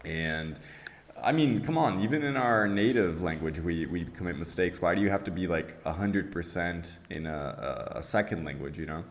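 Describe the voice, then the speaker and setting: Brief: very low-voiced guy in his twenties, laid-back chat full of "you know". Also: normal speed. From Brazil. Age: 20s. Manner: relaxed, peppered with "you know" and "like". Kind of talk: casual chat.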